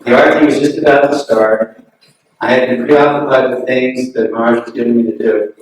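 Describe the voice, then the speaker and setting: A man giving an anecdotal remembrance at a memorial gathering, telling relaxed stories and chuckling often. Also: medium pitch, fairly quick. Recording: very echoey hall, distant mic, noisy.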